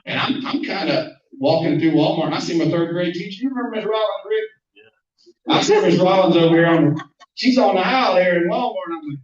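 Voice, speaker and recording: A man's voice: high-pitched, fairly quick. Folksy Southern man, echoey distant room. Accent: Southern US, Alabama. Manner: conversational storytelling, repeats words at starts. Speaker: congressman speaking as guest. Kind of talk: folksy speech with anecdotes. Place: meeting room at a club luncheon. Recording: very echoey room, distant mic, dull sound.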